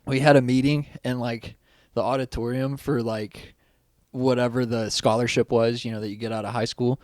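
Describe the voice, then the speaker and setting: A young man co-hosting a casual podcast, telling stories in an animated, profane way and laughing often. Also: mid-range voice, normal speed, no room sound, clean studio sound. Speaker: podcast co-host. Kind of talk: casual chat.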